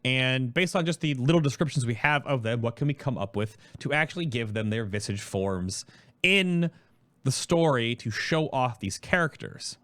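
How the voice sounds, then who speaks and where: A man hosting his stream talks quickly and casually about a project, rambling through explanations. His medium-pitched voice is expressive and a bit bright, with no echo.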